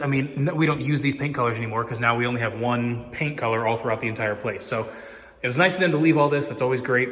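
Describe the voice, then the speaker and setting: A man vlogging casually, rambling with lots of fillers about clearing out his home and cooking. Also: medium pitch. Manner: rambling, chatty, full of fillers; excited whoops while cooking. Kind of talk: casual vlog chat. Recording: long hall reverb.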